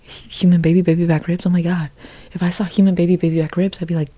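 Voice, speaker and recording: Breathy whispering young woman in whispered role-play. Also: on the low side, little pitch movement, fast, dark tone. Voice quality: mostly whispered. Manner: rambling absurd monologue with many restarts. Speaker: ASMR creator.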